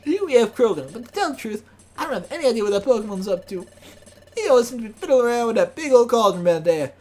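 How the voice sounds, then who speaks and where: A woman's voice: fairly low pitch, brisk, slightly rough. Woman doing a folksy Southern beaver Pokémon. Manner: folksy Southern drawl, excitable, says 'by golly'. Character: eager, humble young male beaver Pokémon.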